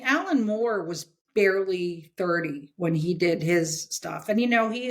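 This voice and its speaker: Woman in her sixties, interview guest, animated, emphatic, mid-pitched. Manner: animated, emphatic, tags points with "okay?". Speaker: guest, comics editor. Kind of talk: casual interview chat.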